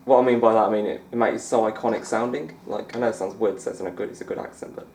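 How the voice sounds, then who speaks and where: A man's voice: fairly low pitch, fairly even intonation, rapid-fire, a little mellow, roomy sound, slight background noise. A young man chatting casually over a snooker game as a gaming YouTuber, rambling and laughing often. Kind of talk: let's-play commentary.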